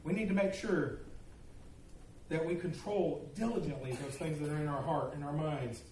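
A man's voice: a little high, fairly even intonation, normal speed, a little mellow. A man preaching a sermon as pastor, telling stories with humor and animation. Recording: echoey room, distant mic, faint noise.

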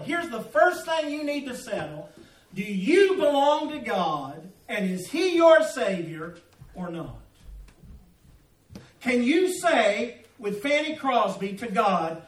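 A man's voice: very high-pitched, lively intonation, measured pace, reverberant, far from the mic, poor audio. A middle-aged man preaching a sermon as pastor, folksy and humorous, calling out to his congregation. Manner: folksy preaching with humor and audience call-outs. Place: church sanctuary.

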